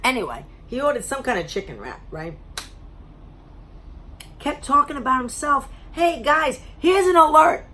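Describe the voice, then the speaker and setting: A woman vlogger telling a story to camera in a blunt, animated way, swearing freely, her voice a little strained as she loses it. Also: sits high, moderate pace, long pauses, slight background noise. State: losing her voice.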